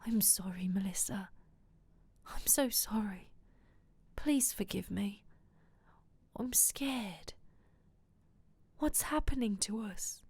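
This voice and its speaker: A woman voicing a frightened young man in a hushed whispered role-play. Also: medium pitch, slow, pauses often, slightly rough, no echo. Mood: apologetic.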